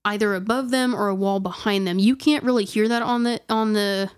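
A woman with a medium-pitched, clear, resonant voice talks fairly quickly as she tells a friend a spooky story in a loose, chatty way. She rambles, trailing off, restarting sentences and using "like" constantly.

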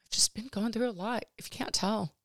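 A woman in her thirties hosting her own podcast, talking personally and emotionally in a halting way with many restarts and fillers. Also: fairly high pitch, a bit bright, no echo, clean studio sound. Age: 30s. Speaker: podcast host.

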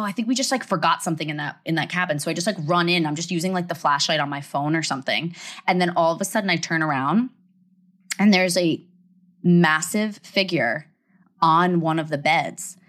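A woman telling a story in a casual chat, animated and full of "like" fillers. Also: fairly low pitch. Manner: animated, lots of "like" fillers, acts out quotes.

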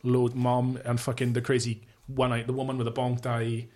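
A man's voice: mid-range voice, monotone, moderate pace, a little mellow. A man chatting casually, jokey and sweary, tossing in silly catchphrases. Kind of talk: casual chat.

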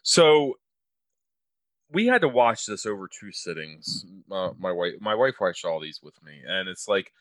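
A man's voice: low-pitched, sing-song, a little slow, fairly bright tone, dry recording. A man co-hosting a podcast, telling a profane, exasperated story in casual chat. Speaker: podcast co-host.

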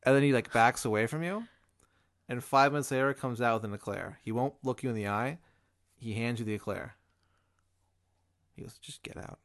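A man hosting, spinning a deadpan improvised hypothetical in a laid-back way. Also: medium pitch, fairly quick, dry recording, studio quality. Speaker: host.

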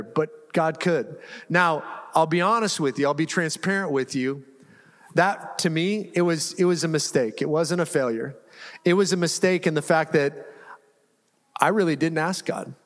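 Brief: male pastor, fairly high voice, chatty storytelling sermon, long hall reverb. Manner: conversational, self-deprecating, laughs while telling stories. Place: church hall with a congregation. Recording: echoey hall.

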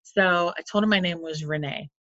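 Chatty low-voiced woman telling her story. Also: moderate pace, fairly bright tone, no room sound. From Florida. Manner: candid and chatty, full of "like" and asides. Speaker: coach or counselor. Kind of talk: personal storytelling. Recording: dull lo-fi sound.

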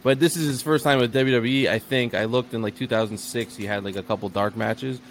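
A man's voice: mid-range voice, fairly even intonation, fairly quick, a little hiss or hum. A man co-hosting a casual podcast who rambles through exasperated retellings. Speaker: podcast co-host. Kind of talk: casual chat.

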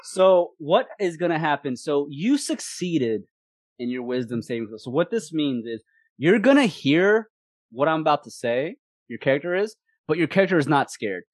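Animated game master, dry close mic. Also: male voice, on the high side, normal speed, no echo. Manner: animated, repeats words, laughs easily. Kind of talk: narrating a tabletop game.

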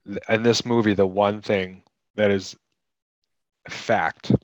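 A man from the United States with a lowish voice talks through a movie in a loose, rambling way, stopping to clear his throat and correct himself. The sound is dry and a little muffled, like a modest home setup. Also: fairly even intonation, slow pace, no echo. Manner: chatty, self-interrupting, clears throat. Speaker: podcast co-host. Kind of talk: casual film discussion.

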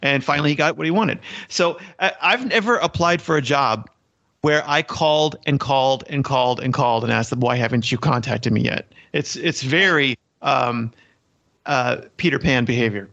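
A man's voice: mid-range voice, moderate pace, muffled recording. A man co-hosting a podcast who talks in a casual, emphatic way, repeating words for stress, and reads book passages aloud. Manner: animated, emphatic, repeats himself. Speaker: podcast co-host.

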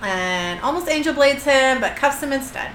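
A woman co-host reads through an episode recap with many "uh"s and quick asides. Her voice is bright and slightly high. The echoey room has a faint hiss behind it. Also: animated. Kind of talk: casual recap chat.

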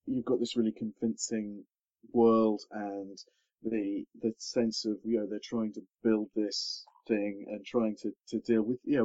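A man on a book podcast, speaking in a thoughtful, measured way with many pauses and ums. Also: fairly low pitch, darkish tone. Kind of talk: casual podcast chat. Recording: slightly dull lo-fi recording.

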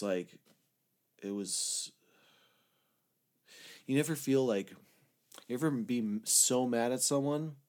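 Rambling, foul-mouthed man telling a story. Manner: rambling, candid, heavy swearing, frequent "like" fillers; shifts between loud outbursts and low mutters. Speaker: storyteller recounting his own past. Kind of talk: casual personal storytelling.

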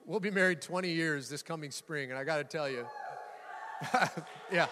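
A man's voice: on the high side, normal speed, big-room sound, noisy background. A middle-aged male pastor preaching a sermon, telling stories with humor and sudden bursts of emphasis. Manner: lively storytelling with laughs and bursts of emphasis.

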